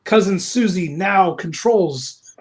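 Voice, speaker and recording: A man's voice: high voice, takes it slowly, husky. A man casually retelling a plot as a reviewer, rambling and swearing with many fillers. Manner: rambling, profane, lots of fillers.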